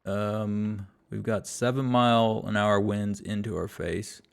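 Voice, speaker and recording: A man's voice: on the low side, fairly even intonation, slow pace, gravelly, clean tone. A man giving exasperated, self-deprecating play-by-play commentary while playing a golf video game. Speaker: gaming YouTuber.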